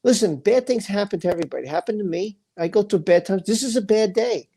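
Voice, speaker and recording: Furious, a livestream host goes on an emphatic, repetitive tirade, tripping over words again and again. He has a high-pitched, creaky voice with a warm tone.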